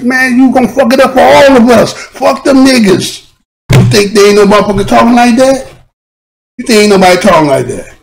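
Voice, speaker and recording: A man's voice: high voice, low-quality recording. A man hosting a live stream, talking in a rambling, profane monologue full of slang.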